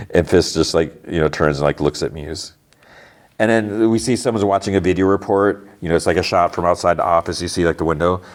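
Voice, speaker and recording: A man with a very low voice talks through a TV recap like a podcast host. He is loose and chatty, with lots of fillers. He sounds easily exasperated. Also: a little fast. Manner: chatty, full of "like" and "you know"; exasperated at the plot. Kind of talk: casual episode recap.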